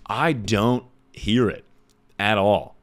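A man with a deep voice chatting casually with his livestream viewers, making sarcastic jokes and sounding like he is announcing things. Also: slow pace. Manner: sarcastic, joking asides.

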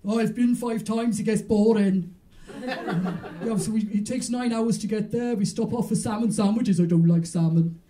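A woman voicing her older Welsh grandmother, a weary, complaining old woman with a flat, plodding delivery. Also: medium pitch, unhurried, recorded from a distance, close to an everyday voice.

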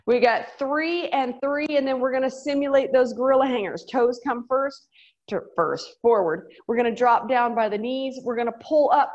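Guiding a workout in a muffled recording, a middle-aged Southern woman with a slightly high voice keeps things bubbly and playful. The instructor adds small sound effects and laughter as she goes.

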